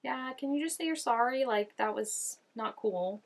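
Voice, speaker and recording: A woman's voice: fairly high pitch, moderate pace, gravelly. Chatty young woman reacting to TV. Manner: chatty, musing, heavy on "like" and "I don't know". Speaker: TV reaction host. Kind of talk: casual reaction commentary.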